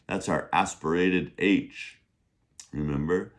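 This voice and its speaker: A man's voice: low voice, animated, slow pace. A man teaching a casual language lesson, upbeat and drilling words for repeating, his voice worn from a long day of recording. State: losing his voice. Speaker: Mandarin teacher. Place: beach, outdoors.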